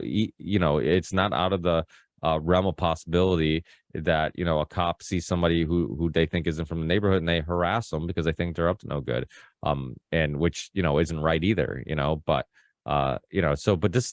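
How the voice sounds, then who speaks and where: Speaking low with no room sound, a man hosts a podcast in a rambling, casual style that keeps restarting. Whenever he quotes someone, he acts them out in a raised voice.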